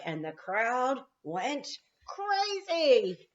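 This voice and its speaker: A kindergarten teacher reading a picture book aloud to her class, animated and talking straight to the children. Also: mid-range voice, takes it slowly, muffled recording. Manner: animated, talks straight to the kids.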